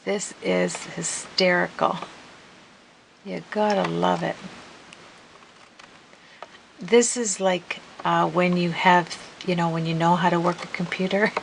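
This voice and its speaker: A middle-aged woman chatting casually as she works on a crafting video, murmuring softly and then breaking into giggles and apologies. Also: lowish voice, little pitch movement, slow pace, creaky, pauses often, slight background noise, rough recording. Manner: soft murmuring while working, bursting into laughter and giggly apologies. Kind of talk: casual crafting tutorial chat. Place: home craft room. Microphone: camera mic.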